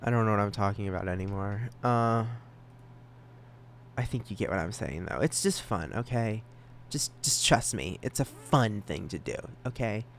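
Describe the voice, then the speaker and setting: A man's voice: expressive, moderate pace, vocal fry, a little hiss or hum. Giggly rambling teen boy podcaster. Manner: giggly, self-deprecating, jumps into sudden high silly voices. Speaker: podcast host.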